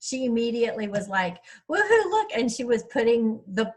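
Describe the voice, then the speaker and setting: A woman's voice: on the high side, fairly even intonation, fairly quick, a little mellow, poor audio. Chatty woman. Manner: chatty, rambling storyteller. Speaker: author speaking at a writers' workshop. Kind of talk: casual chat.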